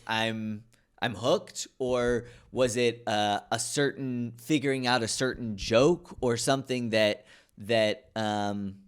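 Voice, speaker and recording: A man's voice: mid-range voice, smooth. A man hosting a casual podcast interview, asking loose, rambling questions full of fillers and giving frequent short replies. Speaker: podcast host.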